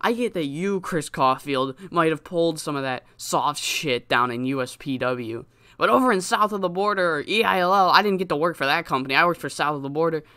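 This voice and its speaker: A man's voice: on the high side, a little fast, sharp tone, clean tone, no room sound. A man putting on a cursing, boastful wrestler. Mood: taunting, boastful. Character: brash foul-mouthed male wrestler with a priest gimmick. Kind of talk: wrestling promo voice in a game let's-play.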